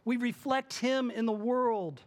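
Animated high-voiced male pastor preaching. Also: measured pace. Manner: animated, acts out quoted voices. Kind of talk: sermon.

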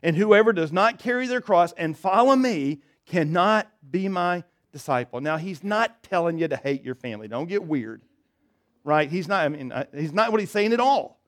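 A man preaching a sermon as pastor, swinging between loud emphatic stretches and soft, low, intimate ones. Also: lively intonation, moderate pace.

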